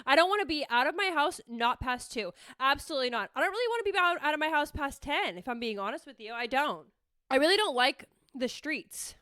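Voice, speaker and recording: A woman in her thirties hosting a podcast, telling a story in a playful, profane, animated way. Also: high-pitched, fairly quick, no room sound, clean studio sound. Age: 30s. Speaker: podcast host. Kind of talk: casual solo storytelling.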